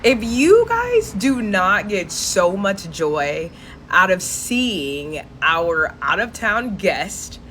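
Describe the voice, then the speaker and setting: A woman's voice: mid-range voice, sing-song, drawn-out words, fairly bright tone, slight background noise. A woman soccer fan talking casually in a gushing, enthusiastic way. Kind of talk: casual vlog talk.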